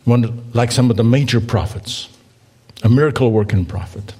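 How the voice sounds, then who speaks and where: A man's voice: mid-range voice, normal speed, mellow, breathy edge. A man preacher giving a conversational sermon in church, reading scripture aloud and inviting the congregation to read along, with playful asides to the listeners. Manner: reads scripture aloud and asks the congregation to join in.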